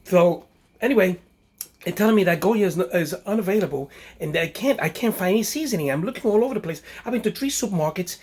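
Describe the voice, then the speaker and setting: A man's voice: high voice, expressive, quick pace, a little mellow, breathy edge. A man voicing a flustered housewife in a homemade mock commercial. He plays her fretful, repeating herself as she hunts for seasoning.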